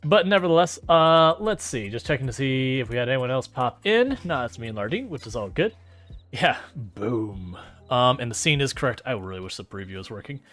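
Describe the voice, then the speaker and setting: A man's voice: medium pitch, expressive, brisk, a bit bright, soft background music. A man chatting casually while streaming a farming game, rambling, joking and laughing often. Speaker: gaming streamer. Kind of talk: casual gameplay commentary.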